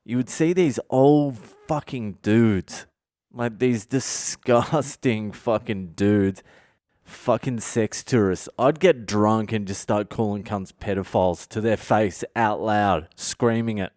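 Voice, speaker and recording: Blunt, profane man with a smooth, low voice. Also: a little mellow, no echo, clean studio sound. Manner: profane, blunt, rambling anecdotes. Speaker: podcast host, comedian. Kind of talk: solo confessional podcast storytelling.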